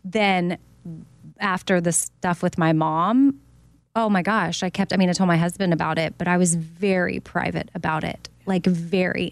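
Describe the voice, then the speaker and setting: A middle-aged woman co-hosting a talk show, speaking openly and personally, with halting restarts. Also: on the low side, dry recording. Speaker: radio co-host. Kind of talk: casual podcast chat.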